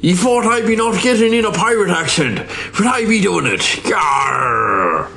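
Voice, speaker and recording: A man putting on a growling pirate accent with shouted cries. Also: high voice, sing-song, a little slow, vocal fry, soft background music, voice pushed up, exaggerated voice. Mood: gruff. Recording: echoey room, from off mic.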